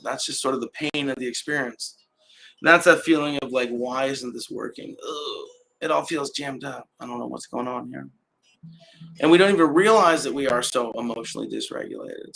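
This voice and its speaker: A man hosting a casual live stream at home, talking in a relaxed, rambling way with frequent restarts. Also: mid-range voice. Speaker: host. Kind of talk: casual livestream talk. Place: indoor home setup with adjustable lights. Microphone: camera mic on a live stream.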